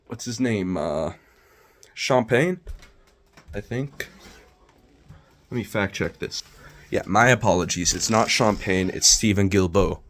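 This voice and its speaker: Man, low-pitched, opinionated casual monologue, rambling and self-correcting. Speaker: political commentator vlogger.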